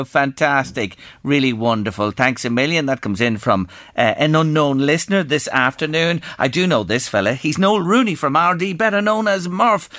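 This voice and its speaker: A man's voice: medium pitch, fairly bright tone, no echo, studio quality. A middle-aged Irish man hosting a local radio show, chatting and reading out listener messages.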